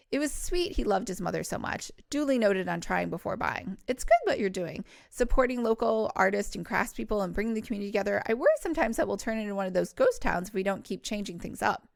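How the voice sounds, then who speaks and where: A woman's voice: medium pitch, animated, quick pace, creaky, few pauses, dry recording, studio quality. A woman hosting a podcast, reading a cozy novel aloud and breaking off for casual, laughing asides. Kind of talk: storybook read-aloud with chatty asides.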